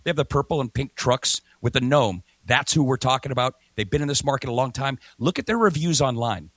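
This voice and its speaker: Broadcasting his morning radio talk show from a hotel or home setup, a man chats with energy and reads ads, repeating points emphatically. He sounds animated and a bit bright at medium pitch, talks fairly quickly, and has no echo.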